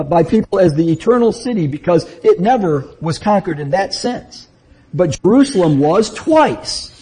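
A man's voice: on the high side, warm tone, husky, low-quality recording. A man teaching verse by verse through a Bible book, reading passages aloud and then explaining them, often restarting his sentences.

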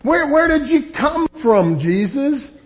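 A man preacher voicing an exasperated Roman governor who loudly demands answers and lists his grievances in indignant outbursts. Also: extremely high pitch, big pitch swings, slow pace, pitched above the performer's own voice, exaggerated voice. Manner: loud, pleading, indignant outbursts.

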